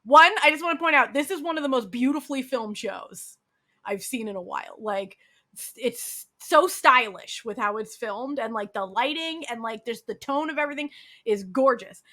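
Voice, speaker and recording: A woman's voice: a little high, normal speed. A woman co-hosting a podcast, telling a drama's plot in casual chat, acting out the characters' lines and swearing. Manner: animated storyteller acting out quotes, swears, many "like"s. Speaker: podcast co-host.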